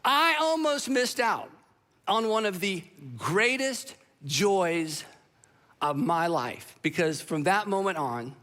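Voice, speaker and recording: Bright-voiced pastor telling stories. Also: male voice, high voice, animated, slow. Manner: conversational storytelling with self-deprecating humor. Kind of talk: sermon to a live audience.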